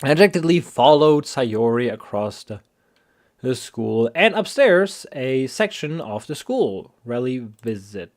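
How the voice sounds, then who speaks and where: A man's voice: mid-range voice, very animated, measured pace. A man from Germany, rambling and swearing in casual game-stream commentary. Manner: rambling and profane, many restarts. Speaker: gamer streamer. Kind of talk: let's play commentary.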